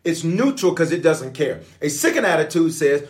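A man preaching as a pastor, in a lively call-and-response sermon style. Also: on the high side, normal speed, hardly any pauses. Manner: call-and-response, animated, playful.

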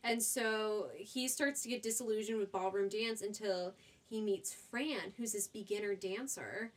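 An excitable woman chats about her favorite movies with a friend on a podcast. Her voice sits at a middle pitch, and she talks in a loose, chatty way, poking fun at herself as she goes. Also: unhurried. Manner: enthusiastic, chatty, laughs at herself. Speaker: podcast co-host. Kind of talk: casual chat recommending movies.

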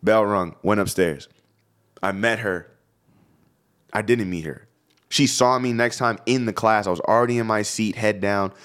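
A young man co-hosting a podcast, telling a high school story in a casual, profane, animated way. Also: moderate pace, long pauses. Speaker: podcast co-host.

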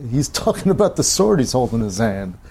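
A man's voice: medium pitch, big pitch swings, brisk, creaky, darkish tone, breathy edge. A man co-hosting a casual book podcast, joking around in a laid-back way and laughing often. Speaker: podcast co-host. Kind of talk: casual book-discussion chat.

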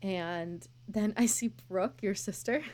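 A woman's voice: mid-range voice, slow, darkish tone. A young woman telling a story in casual chat, swearing and acting out quotes in different voices.

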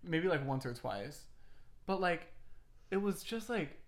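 A woman co-hosting a podcast, chatting excitably and swearing as she laughs. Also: on the low side, a little slow. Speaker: podcast co-host. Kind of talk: casual chat.

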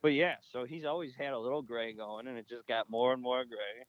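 A man co-hosting a podcast, telling stories in an animated, excitable way and laughing often. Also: medium pitch, a little fast, no echo, lo-fi sound. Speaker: podcast co-host. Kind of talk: casual chat.

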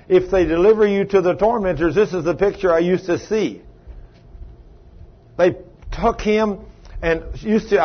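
Folksy older preacher, husky. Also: male voice, sits high. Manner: folksy storytelling with acted-out dialogue. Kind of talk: sermon. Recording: muffled lo-fi recording.

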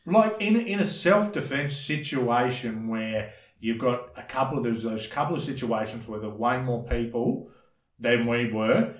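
A man's voice: medium pitch, animated, normal speed. A man with an Australian accent telling rambling, blunt stories in a casual podcast chat, full of slang. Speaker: podcast guest, former bouncer. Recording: roomy echo.

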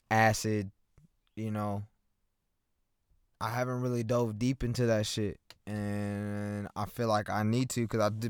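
Here a young Oklahoman hosts his own podcast alone, chatting loosely and crudely into a microphone with headphones from inside his parked car. His voice is on the low side with a clean tone, recorded at studio quality with no room sound.

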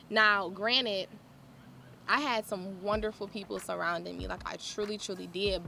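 Animated woman telling her story. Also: medium pitch, measured pace, creaky. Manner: candid, animated storytelling with laughter. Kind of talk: personal testimony talk.

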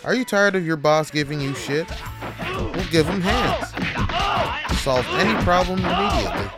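A man voicing a loud male commercial pitchman selling a fighting service. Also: animated, moderate pace, loud music behind the voice. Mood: hyped. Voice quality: booming sales-pitch delivery.

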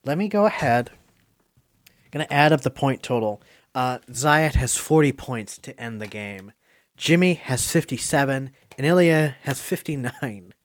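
A man hosting a casual movie quiz podcast, chatty and quick to laugh. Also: mid-range voice, lively intonation, no echo, studio quality. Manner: chatty, laughs often, gushing. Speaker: quiz host. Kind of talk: casual podcast game chat.

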